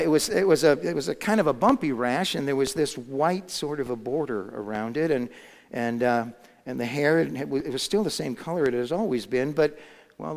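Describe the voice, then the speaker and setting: A man preaching, retelling a Bible story with frequent restarts, swelling loud at dramatic moments and sinking to a hush. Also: fairly high pitch, long reverb tail. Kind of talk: sermon storytelling.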